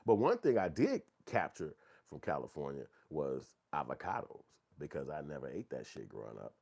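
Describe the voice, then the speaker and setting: A middle-aged man talks through casual commentary in a low voice that swings up and down a lot. He tells profane stories with a lively delivery and reads viewer comments. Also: normal speed, gravelly, husky. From Chicago. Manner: profane, animated storytelling, acts out quotes in a high voice. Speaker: channel host.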